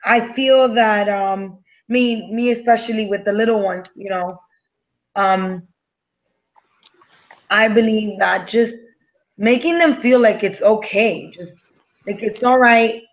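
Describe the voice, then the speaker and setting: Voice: medium pitch, slow, pauses often. Teacher talking about her little kids, lots of ums, kinda muffled lo-fi audio. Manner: hesitant, full of fillers and "like". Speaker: teacher of young children in a class discussion. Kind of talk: classroom discussion.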